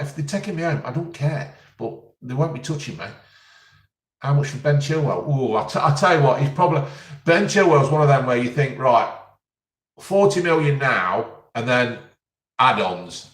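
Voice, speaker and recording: A man answering viewers' questions in a casual live stream, blunt and jokey as he reads out each question. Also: medium pitch. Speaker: vlogger answering live chat. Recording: roomy and distant from the mic.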